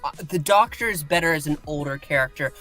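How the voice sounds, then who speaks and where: A man co-hosting a casual podcast chat, weighing his opinions slowly with many fillers and restarts. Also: fairly high pitch, bright, forceful tone, faint music behind. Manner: measured, hesitant, with many fillers. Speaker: podcast co-host.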